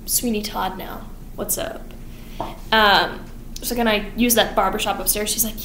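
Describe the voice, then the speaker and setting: A young woman in her late teens, a theater student, excitedly rushing through a plot recap with rambling asides. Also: medium pitch, roomy sound, background noise. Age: young adult. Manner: excited, rushed, rambling with fillers and laughs. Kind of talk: fast plot recap vlog.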